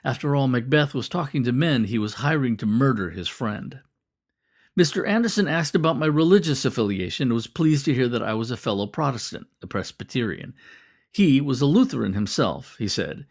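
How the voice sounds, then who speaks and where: A man reading his own novel aloud as first-person audiobook narration, measured and steady. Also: medium pitch. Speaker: author reading own book.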